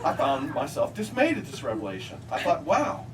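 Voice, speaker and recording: A middle-aged man, an author at a book signing, reading comic pieces and telling stories to an audience with a wry, deadpan delivery. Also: fairly high pitch, moderate pace. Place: bookstore event room with a live audience. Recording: distant amateur recording, loud crowd laughter and noise.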